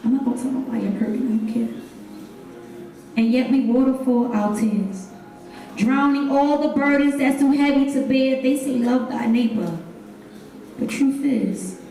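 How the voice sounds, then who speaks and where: A young woman performing spoken word poetry on a live stage, speaking in rhythmic refrains and leading call-and-response, rising into intense, loud gasps and cries. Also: fairly high pitch. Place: hotel event stage, live audience. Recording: very echoey room, voice from far off.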